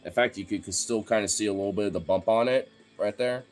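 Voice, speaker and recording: A man with a fairly low voice rambles through a heated, profane monologue, packing it with fillers and restarts. He sounds loose and conversational, and his anger keeps building. Faint music plays under his talk. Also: fast.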